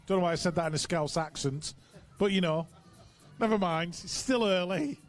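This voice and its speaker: A man calls a race live from an outdoor track, briskly reeling off rider names and tossing in chatty asides. His voice sits high and bright for a man. Faint music plays behind him. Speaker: race announcer. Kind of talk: live sports commentary.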